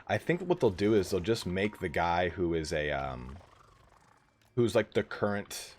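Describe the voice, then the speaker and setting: A man streaming a strategy game live, chatting casually with viewers, swearing freely and breaking into excited outbursts. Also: sits low, measured pace. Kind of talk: casual live gameplay commentary.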